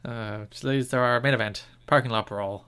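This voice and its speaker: A man's voice: medium pitch, fairly even intonation, moderate pace, a bit bright, clean tone. A young man co-hosting a casual podcast, talking in a wry, dry, teasing way. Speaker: podcast co-host. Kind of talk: casual chat.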